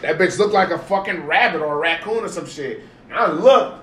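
Animated young man telling a wild story. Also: high voice, moderate pace, recorded from a distance. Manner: animated, swearing, emphatic repetition of "bro". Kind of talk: casual storytelling among friends. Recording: echoey room, from off the mic, faint noise.

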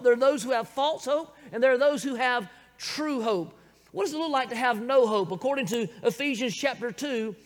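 A man with a Southern American accent preaching a sermon, calling out to the congregation. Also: extremely high pitch. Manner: calls out "Amen?" to the congregation, chuckles between points. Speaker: pastor. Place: church hall. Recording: long hall reverb.

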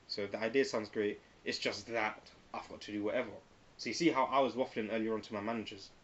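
A young man in casual banter, animated and slangy, often slipping into quoted voices. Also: fairly low pitch. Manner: quick and animated, slangy, breaks into put-on quotes. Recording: slightly dull recording with faint hiss.

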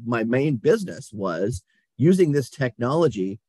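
A middle-aged man, a company CEO, telling stories in a casual interview, animated, often laughing and acting out what people said. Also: mid-range voice, a little slow, slightly rough, no room sound.

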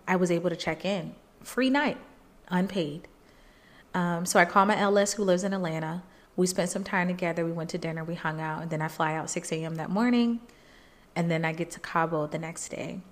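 Woman podcast host, personal storyteller, slightly low voice, earnest and animated. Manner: emotional, animated retelling, jumps high when quoting people; faith-filled, earnest.

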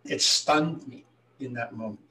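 A man in his sixties from Hawaii, a healer answering interview questions in a calm, reflective way as he tells his story. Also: mid-range voice, unhurried, a little hiss or hum. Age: 60s. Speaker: guest, healer. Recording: voice a little distant from the mic.

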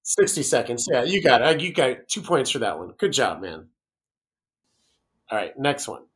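A man hosting a casual podcast, running a movie quote quiz with animated readings. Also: mid-range voice, moderate pace. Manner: reads movie quotes in exaggerated impressions. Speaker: podcast host.

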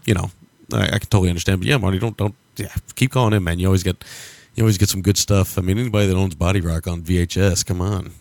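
A man co-hosting a film podcast in casual chat, talking quietly. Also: steady tone, racing, gravelly, no room sound. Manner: speaks quietly, soft and low. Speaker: podcast co-host.

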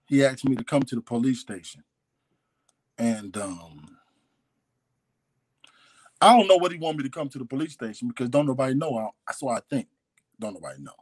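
A guest with a mid-range voice and lively intonation recounts his life at a moderate pace, leaving long pauses. Candid and confessional, he hesitates, repeats himself, and restarts often, all in a dry recording.

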